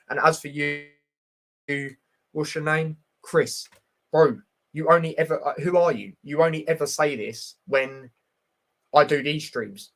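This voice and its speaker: Hosting an easygoing football prediction stream, this man has a medium pitch and a fairly bright tone. He reads the chat aloud and replies straight to it, speaking in a blunt, talkative way loaded with fillers.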